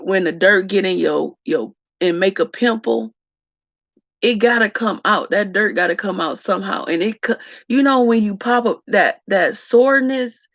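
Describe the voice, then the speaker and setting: A woman speaking slowly and reflectively to her viewers, tearful. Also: medium pitch, creaky, dry recording, dull audio. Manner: slow, reflective, addresses viewers as y'all. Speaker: vlogger. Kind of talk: emotional personal talk to viewers.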